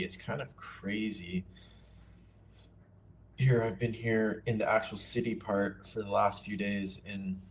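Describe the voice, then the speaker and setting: A man casually teaching nature journaling on a livestream, relaxed and chatty with self-deprecating asides. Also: on the low side, vocal fry, slight background noise.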